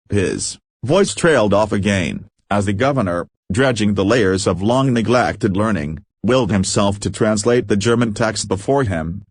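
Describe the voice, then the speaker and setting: A man reads a story aloud in a measured, deliberate way, as an audiobook narrator. His voice is on the low side, and it is recorded close and dry with no room echo. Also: animated. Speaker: audiobook reader.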